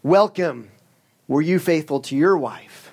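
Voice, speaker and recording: A man voicing a calm, welcoming older male saint at heaven's gate, speaking in a steady, measured and formal way. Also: fairly high pitch.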